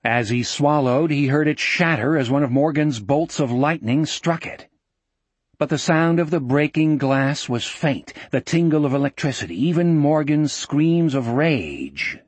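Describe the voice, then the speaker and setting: Man, audiobook narrator, husky voice, slightly high pitch, dry close recording, measured dramatic reading. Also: lively intonation, no room sound. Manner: measured, vivid storytelling.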